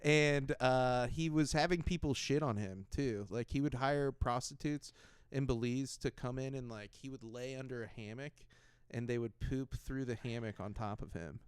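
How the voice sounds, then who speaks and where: A man hosting a podcast in casual chat, telling stories in an animated way, laughing often and acting out other people's lines. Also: mid-range voice, normal speed, clean tone, dry recording, clean studio sound. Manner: animated storytelling, laughs often, acts out voices. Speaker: podcast host.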